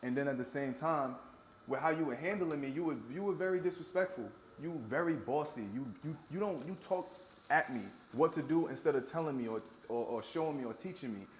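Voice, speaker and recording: A man's voice: on the high side, brisk. Earnest man in a roomy space. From New York. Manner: earnest, repeats words when upset. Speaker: guest. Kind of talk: candid conversation over a meal. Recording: roomy echo, faint background noise.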